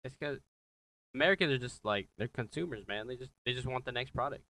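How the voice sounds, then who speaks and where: A man's voice: mid-range voice, quick pace, bright, forceful tone. A man co-hosting a podcast in laid-back casual chat, laughing often and dropping "man" and "like.". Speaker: podcast co-host.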